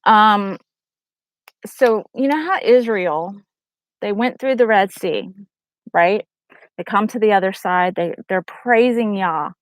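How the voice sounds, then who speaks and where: A woman's voice: mid-range voice, unhurried, no room sound, low-quality recording. A middle-aged woman vlogging casually about her faith, telling a story animatedly and urging her viewers earnestly. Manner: animated storyteller acting out quotes in raised voices. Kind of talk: casual testimony to camera.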